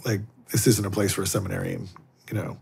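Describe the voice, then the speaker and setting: A man's voice: sits low, quick pace, gravelly, a little hiss or hum. A middle-aged man, a Catholic priest, telling stories in a long interview and acting out the dialogue as he goes. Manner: animated anecdotes, acting out dialogue. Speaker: guest, Catholic priest and exorcist. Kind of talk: storytelling in a long-form interview.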